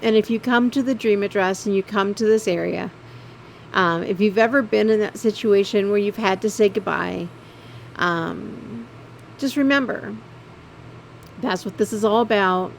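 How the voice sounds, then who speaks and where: A woman narrating her gameplay video in a halting, heartfelt way, full of ums and visibly emotional. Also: medium pitch, creaky, slight background noise. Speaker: game video creator. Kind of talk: casual voice-over narration of gameplay.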